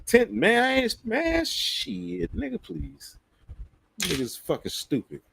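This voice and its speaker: A man's voice: high-pitched, huge pitch swings, slow pace, vocal fry, background noise. A man ranting bluntly on his livestream, profane and emphatic.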